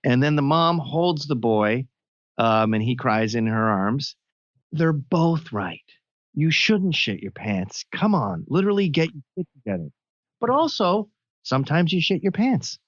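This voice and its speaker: A man's voice: a little high, very animated, a little slow, a bit bright, dry recording. Guy swearing his way through a blunt podcast story, dry dull sound. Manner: crude, blunt storytelling with acted quotes. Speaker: podcast guest. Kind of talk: casual podcast chat.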